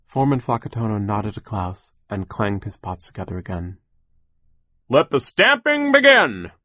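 A man narrating an audiobook with a wry, deliberate storytelling manner into a close mic. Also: lowish voice, darkish tone, dry recording. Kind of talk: scripted narration.

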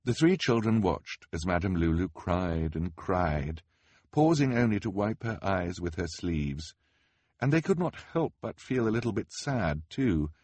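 Male narrator, husky and lower-pitched, wry storytelling with a lively, varied delivery. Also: dry recording. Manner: wry and expressive. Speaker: audiobook narrator.

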